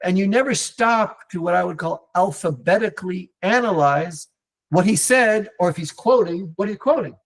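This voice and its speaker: A man teaching an online Torah class, talking in a lively, digressive way with many restarts and fillers and mixing in Hebrew terms. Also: high-pitched, moderate pace. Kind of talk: animated live online lecture answering viewer comments.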